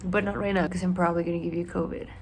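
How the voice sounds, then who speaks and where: A woman's voice: on the low side, level tone, rapid-fire, slight background noise. A young woman chatting casually in a rambling, self-mocking way for her vlog, tired and sick. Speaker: vlogger.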